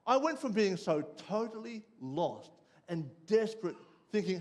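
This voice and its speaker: An Australian man preaching, telling a personal story with lively ups and downs before dropping quiet and low for the lesson. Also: measured pace. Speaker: pastor. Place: church.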